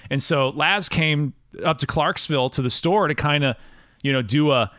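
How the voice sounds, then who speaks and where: A man's voice: fairly high pitch, moderate pace, bright, forceful tone, dry recording, studio quality. A man hosting a podcast, chatting casually in a rambling, laughing way. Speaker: podcast host. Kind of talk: casual interview chat.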